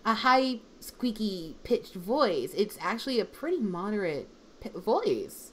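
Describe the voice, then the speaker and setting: A woman's voice: mid-range voice, very animated, a little slow, a bit bright, slight background noise. A woman in casual livestream chat with fellow dubbers, rambling and chatty, full of "I'm like", talking from home on an online call. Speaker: dub group member on livestream.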